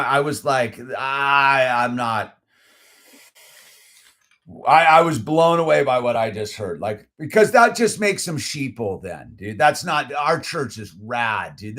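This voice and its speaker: A man's voice: fairly high pitch, a bit bright. Man heatedly retelling a church dispute, "dude"-heavy. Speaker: channel host. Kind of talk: casual storytelling.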